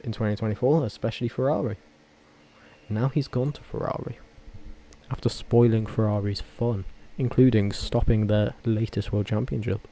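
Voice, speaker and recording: Vlogger man, lowish mellow voice, casual rambling commentary with restless self-corrections. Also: fairly even intonation, normal speed, slight background noise.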